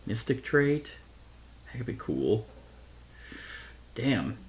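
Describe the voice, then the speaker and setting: Man, low voice, slow pace, solo card game playthrough, thinking aloud, reading rules. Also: lively intonation, fairly bright tone. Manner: thinks aloud, reads card text, self-correcting. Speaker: board game reviewer.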